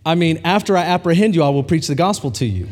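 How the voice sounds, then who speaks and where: A male pastor preaching a sermon to a congregation, telling a story with lively acted-out dialogue. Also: fairly high pitch, fast talker. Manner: animated storytelling preacher, acts out quoted dialogue. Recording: long hall reverb.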